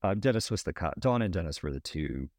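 Very deep-voiced man from Alabama, halting and reflective director, dry close mic. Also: animated, a little mellow, no echo. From Birmingham, Alabama. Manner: thoughtful, halting, restarts often. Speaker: documentary director. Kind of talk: casual interview talk.

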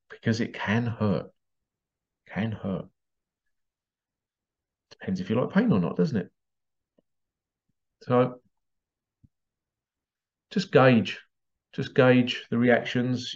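Male podcast host, mid-pitched, chatty digressive monologue, throws in sound effects, slightly muffled audio. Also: takes it slowly, pauses often. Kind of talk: casual rambling monologue.

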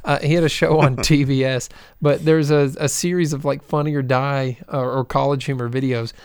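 A man's voice: medium pitch, steady tone, moderate pace, clean tone, no echo, studio quality. A man co-hosting a podcast in casual chat, loosely retelling anecdotes with many fillers. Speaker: podcast co-host.

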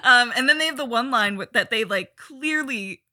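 A woman chatting casually about movies as a podcast co-host, animated and swearing as she acts out film lines. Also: on the high side, moderate pace, no room sound.

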